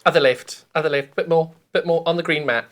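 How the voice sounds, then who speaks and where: A woman's voice: sits low, a little fast. A woman with a South African accent presenting live on a sewing shopping channel, gushing and urging viewers to buy. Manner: gushing, enthusiastic, urgent selling.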